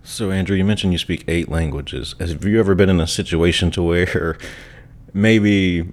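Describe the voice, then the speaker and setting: A man's voice: low voice, moderate pace. A man interviewing a guest, asking curious questions and laughing along.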